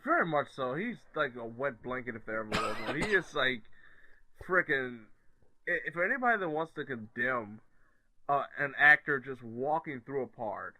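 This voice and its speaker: This podcast co-host has a medium-pitched, bright male voice with a forceful tone, speaking at a moderate pace. He's animated and laughs often as he chats casually about films.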